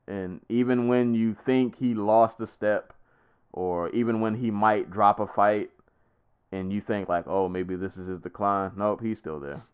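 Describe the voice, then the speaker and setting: Male podcast co-host, low smooth voice, relaxed and rambling sports talk. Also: unhurried. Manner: easygoing, rambling with many fillers and restarts. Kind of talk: casual sports chat.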